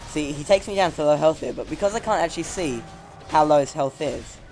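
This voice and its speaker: A man's voice: fairly high pitch, a little fast, darkish tone, soft background music. A man casually commenting over his gameplay, rambling, laughing at himself, his voice cracking now and then. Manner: rambling, chuckling, self-mocking.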